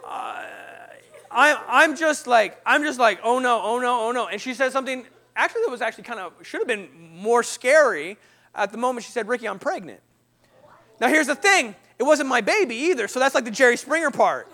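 A man in his thirties preaching a sermon, telling a personal testimony in an animated storytelling way and joking with the congregation. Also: very high voice, a little fast.

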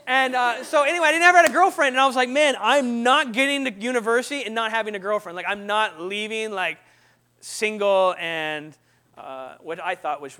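A preacher in his thirties tells his testimony from the pulpit, joking with his congregation. His voice sits very high for a man and has a bright, forceful edge. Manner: storytelling, animated, jokes with the congregation. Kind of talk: sermon testimony.

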